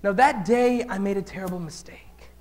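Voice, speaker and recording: An animated man giving a storytelling talk to children. He keeps turning to the kids with questions and swings from loud to hushed. His voice sits fairly high for a man. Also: normal speed. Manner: engages the audience with questions. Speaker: speaker at a children's event.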